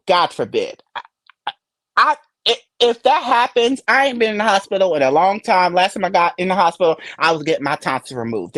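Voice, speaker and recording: A woman's voice: fairly low pitch, dry recording. Woman streamer doing gossip commentary, cussing and ranting, voice swings all over, dry close sound. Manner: profane, ranting, cursing heavily; laughs loudly at her own stories. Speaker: live streamer.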